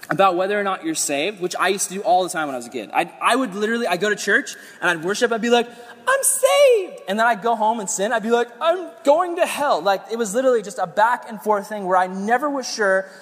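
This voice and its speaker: A fast-talking man whose voice sits high delivers a sermon in a large hall. He's energetic and conversational with playful asides, and his voice sounds a little strained as it starts to go.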